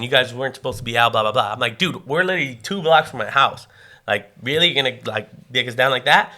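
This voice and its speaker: Co-host, man, bright edgy voice, swears a lot, acts out every quote. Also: mid-range voice, fast. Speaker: podcast co-host. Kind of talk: casual storytelling.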